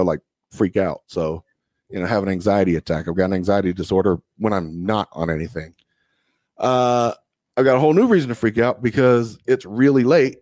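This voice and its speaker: A man's voice: medium pitch, darkish tone, dry recording. A young man, a podcast co-host, telling a long profane story in casual chat and acting out the people in it. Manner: profane, drawling anecdotes with acted-out quotes.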